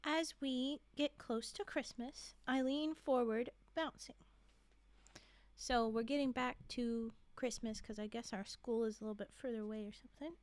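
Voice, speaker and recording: A woman's voice: a little high, moderate pace, no room sound. A woman streamer reading a holiday story aloud, breaking off to chat and talk back to the characters. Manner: chatty, reacts loudly and talks back to the characters.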